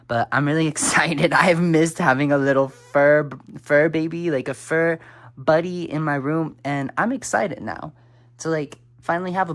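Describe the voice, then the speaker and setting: A young woman vlogging in a casual, rambling way, full of fillers and the odd swear word, who gets soft and quiet when she opens up. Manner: drops to a soft, low voice when talking about her fears. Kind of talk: casual chatty vlog talk.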